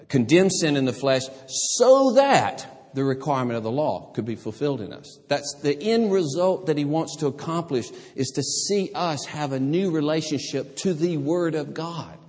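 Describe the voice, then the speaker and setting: Lively male preacher in a reverberant hall. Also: on the high side, moderate pace. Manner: animated, conversational preaching with humorous asides. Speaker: pastor. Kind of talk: sermon.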